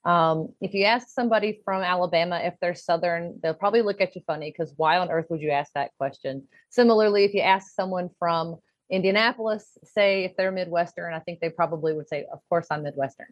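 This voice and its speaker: A woman's voice: fairly low pitch, a little fast, no echo. Enthusiastic woman on a video call. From Louisville, Kentucky. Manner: enthusiastic, explanatory. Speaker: linguistics professor, guest. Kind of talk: interview answers. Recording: slightly muffled video call audio.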